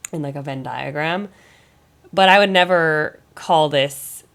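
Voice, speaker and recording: On her music reaction channel, an American woman with a low, slightly bright voice talks at a measured pace. She's shaking off a cold, and her casual commentary meanders in a think-aloud style.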